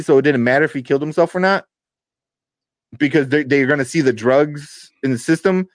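Young guy co-host, slightly high voice, profane exasperated ranter, dry close recording. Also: no echo. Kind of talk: casual chat.

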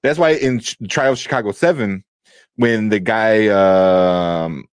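A man's voice: on the low side, measured pace, clean tone, no room sound. A man co-hosting a podcast, chatting loosely at a desk mic, swearing freely and laughing often. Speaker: podcast co-host. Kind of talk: casual chat.

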